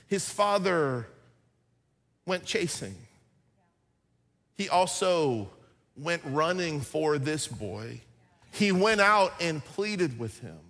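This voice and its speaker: A man with a high voice preaching in a church, his words trailing off into a long reverb. He swings from loud, punchy lines to hushed, drawn-out emphasis, with casual folksy asides. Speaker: pastor. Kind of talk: sermon. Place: church sanctuary.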